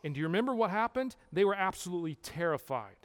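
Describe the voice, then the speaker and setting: Male Bible teacher, high voice, emphatic, asks the room questions, long hall echo. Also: big pitch swings, fast talker, fairly bright tone. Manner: emphatic, with rhetorical questions to listeners.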